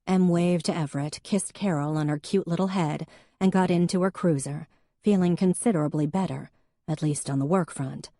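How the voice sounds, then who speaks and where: Low-voiced woman audiobook narrator. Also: no room sound, clean studio sound. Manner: even, measured storytelling.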